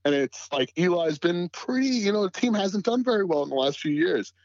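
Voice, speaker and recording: A man's voice: sits high, lively intonation, fairly quick, no echo, muffled recording. A man as a podcast guest in casual sports chat, laid-back and full of "you know" fillers.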